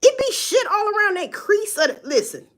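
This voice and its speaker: A woman's voice: very high voice, normal speed. A woman, ranting casually to viewers, swearing and telling stories with laughs. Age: 40s. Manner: loud, swearing, animated storytelling with laughs.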